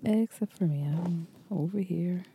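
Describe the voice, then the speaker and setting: A woman's voice: lowish voice, measured pace, dark tone, slight background noise. A woman co-hosting a podcast, playful, teasing and profane in casual chat. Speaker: podcast co-host.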